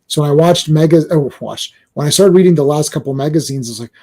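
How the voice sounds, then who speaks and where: A man hosting a casual livestream chat, excitable and rambling, with lots of restarts and "like". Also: a little high, fast. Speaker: host.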